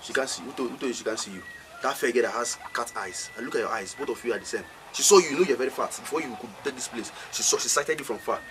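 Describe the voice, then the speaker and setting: A man's voice: medium pitch, racing, a little hiss or hum, natural voice. A man playing a mocking, blunt friend. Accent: Nigerian. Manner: mocking, loud. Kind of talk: film drama.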